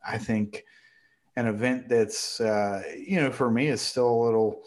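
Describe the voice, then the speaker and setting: A middle-aged man in a casual conversation, talking in a halting way and getting choked up as he recalls a loss. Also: medium pitch, fairly even intonation. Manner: halting, emotional, gets choked up.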